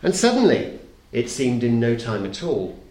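A middle-aged man reading a children's story aloud to an audience, playful and expressive, dropping very soft for suspense. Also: medium pitch, moderate pace. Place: talk hall. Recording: echoey hall.

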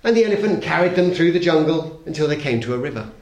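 A middle-aged man reading a children's story aloud, playful and expressive, sinking to a hush at the tense moments. His voice sits a little high and swings widely. The sound rings around an echoey hall. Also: fast. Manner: expressive, playful, dropping very soft for suspense. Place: talk hall.

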